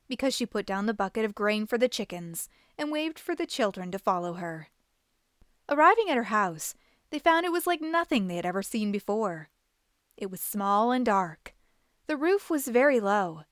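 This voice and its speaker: A woman hosting a reading show, reading a children's book aloud in an expressive, animated way. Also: mid-range voice, normal speed, no echo, clean studio sound. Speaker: host and storybook reader.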